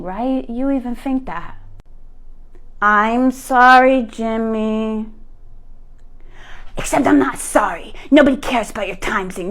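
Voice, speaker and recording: A woman's voice: on the high side, close to an everyday voice. A woman voicing a blunt, bossy six-year-old child in a comedy sketch. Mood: bossy, indignant. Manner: bossy, blunt, self-important. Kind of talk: comedy sketch character monologue.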